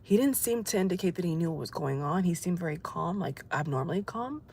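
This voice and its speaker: A woman's voice: on the low side, animated, a little fast, gravelly. A woman vlogger talking tearfully into her phone camera from her car, rambling and repeating herself as she cries. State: crying. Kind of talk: tearful personal vlog while driving. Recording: loud car noise behind.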